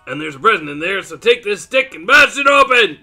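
A man voicing an excitable goose villager, reading game dialogue in a shouty, gleeful way. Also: high-pitched, a little fast, faint music behind, pitched above the performer's own voice, exaggerated voice. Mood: excited.

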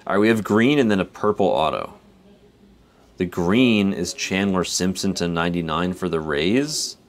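A deep-voiced man hosts a card break live stream, speaking at normal speed in an animated way. While opening cards he rambles and stays relaxed, chuckling between remarks and reading names aloud.

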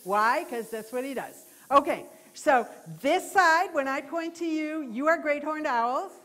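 Lively woman teaching about birds. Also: sits high, measured pace. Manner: lively, imitates owl hoots. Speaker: wildlife educator. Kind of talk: live talk for a library audience. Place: library program room. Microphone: handheld mic.

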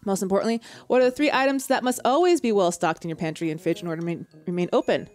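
A woman's voice: medium pitch, racing, a little mellow, faint music behind, natural voice. A woman voicing a pompous male chef lecturing fellow restaurateurs. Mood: grandiose.

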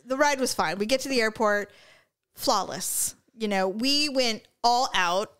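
A woman co-hosts a casual podcast, telling a long story in a smooth, clear voice that sits a little high. She chats freely and acts out what people said along the way. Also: measured pace, fairly bright tone. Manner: chatty storyteller, laughs often, acts out quotes. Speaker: podcast co-host. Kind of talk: casual chat. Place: indoor room with co-hosts. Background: live stream, a third person nearby.

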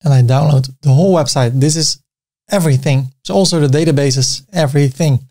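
In a screen-recorded software tutorial, a man who speaks Dutch natively and has a Dutch accent narrates each step of his clicking, with relaxed asides. He talks a little fast, and his voice leans high.

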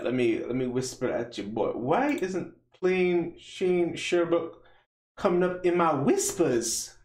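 A man streaming a mobile game live, chatting casually and playfully with slang while running giveaways and drawn-out countdowns. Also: on the high side, roomy sound.

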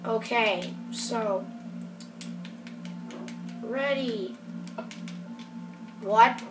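A woman with a slightly high voice talks slowly through her game in a loose, rambling way, getting excited and then apologising. She sounds set back from the microphone in an echoing room. Music plays clearly underneath. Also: recorded from a distance. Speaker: gameplay video host. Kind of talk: casual game commentary. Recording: roomy sound from off the mic with music behind.

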